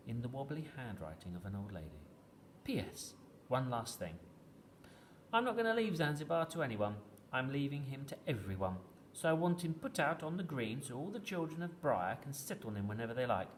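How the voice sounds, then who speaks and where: A man reading a children's story aloud with steady, gently expressive storytelling. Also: mid-range voice, slight background noise.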